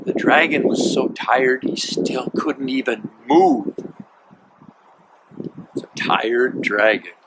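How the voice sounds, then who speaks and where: A man reading a children's picture book aloud in a lively, animated storytelling manner, on a noisy recording. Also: mid-range voice, takes it slowly, long pauses.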